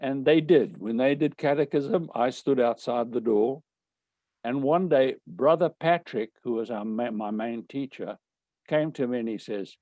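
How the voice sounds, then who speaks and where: An older man, telling anecdotes from his life in a wry, animated way. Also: medium pitch, measured pace, no echo. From South Africa. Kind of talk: storytelling talk.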